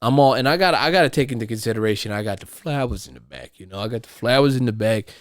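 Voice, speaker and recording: A man hosting his own podcast from home, talking in a rambling, profane way and getting loud and riled up when he rants. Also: medium pitch, fast talker, no room sound, studio quality. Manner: profane, rambling, repeats and restarts. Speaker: podcast host. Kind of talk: casual monologue. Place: at home, household noise nearby.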